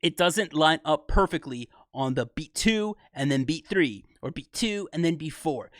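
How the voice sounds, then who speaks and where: A young man hosting a music reaction channel, casually breaking down rap rhythms with excitement, laughing often and correcting himself as he goes. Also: high-pitched, no echo, clean studio sound.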